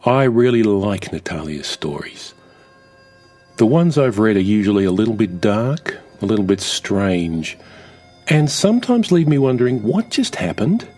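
A man's voice: fairly low pitch, very animated, moderate pace, a little mellow, husky, faint music behind. A man hosting a fiction podcast, reflecting enthusiastically on the story he just played. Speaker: podcast host. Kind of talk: podcast commentary.

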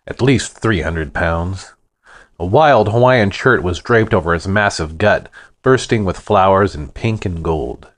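A man narrating a first-person fantasy story in an expressive, dramatic manner. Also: deep voice.

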